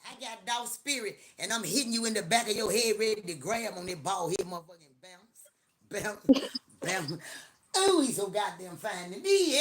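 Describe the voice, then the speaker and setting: A middle-aged woman hosting a live stream, talking in a loud, profane, joking rant. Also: mid-range voice, lively intonation, normal speed. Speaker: livestream host. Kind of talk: casual live-stream chat.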